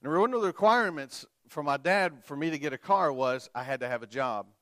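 A middle-aged man preaching a sermon and telling a personal story, swinging between quiet, soft telling and loud, emphatic preaching. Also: a little high, fairly quick, dry recording, clean studio sound.

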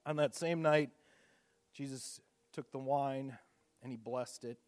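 A man preaching a communion sermon, telling the story casually with fillers, rising to loud emphatic peaks and dropping to hushed softness. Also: medium pitch, fairly even intonation, slow pace, no echo. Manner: casual, repeats words and uses fillers. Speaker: pastor leading communion.

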